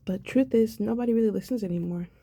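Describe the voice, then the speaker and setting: A woman's voice: on the high side, fast, dark tone, slightly rough, no echo. A sad, subdued young woman in a personal video diary, talking reflectively and rambling with many fillers. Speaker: vlogger.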